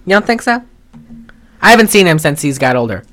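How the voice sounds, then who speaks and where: A woman's voice: low voice, very animated, fairly quick, fairly bright tone, slight background noise. A woman co-hosting a casual film podcast, rambling with restarts and swearing freely. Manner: rambling, profane, many restarts. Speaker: podcast co-host.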